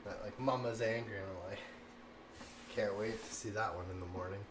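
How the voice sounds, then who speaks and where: In an echoey room with a little background noise, a man in his thirties who streams cooking chats and tells stories at a moderate pace. His voice sits low. He's animated and rambling, laughing often and saying "like" a lot.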